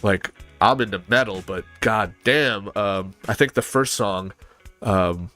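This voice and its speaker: A man's voice: on the low side, takes it slowly, a bit bright. A man in a casual chat about music, rambling with lots of fillers and humming riffs aloud. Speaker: podcast panelist.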